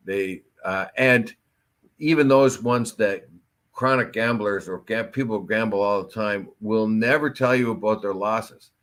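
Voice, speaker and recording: A man's voice: fairly low pitch, a little slow, a bit bright. A man co-hosting a local talk show in casual chat, with a rambling, anecdotal way of talking.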